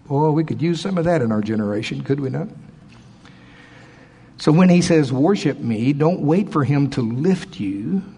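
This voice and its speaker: Husky guy preaching in church, kinda high voice, loud bits then quiet asides. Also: normal speed, long pauses. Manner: animated preaching with sharp swings between loud emphasis and quiet asides. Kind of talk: sermon.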